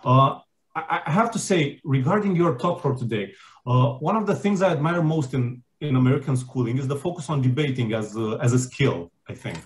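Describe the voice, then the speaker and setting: A man's voice: mid-range voice, lively intonation, a little fast. A man hosting a conference session over a video call, introducing a speaker with many fillers and restarts. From Romania. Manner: hesitant, many fillers and restarts, laughs easily. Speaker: conference host.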